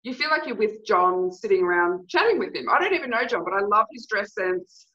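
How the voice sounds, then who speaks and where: A woman's voice: fairly high pitch, very animated, a little fast, sharp tone, dull audio. A woman interviewing an author, gushing with enthusiasm in a casual chat.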